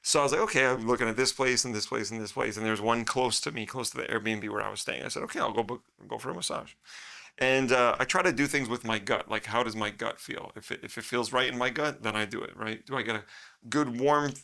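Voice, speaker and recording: A man's voice: mid-range voice, fast, vocal fry. A middle-aged man telling a story as a podcast guest, rambling and laughing often. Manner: rambling, laughs often, animated when quoting. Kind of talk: casual storytelling.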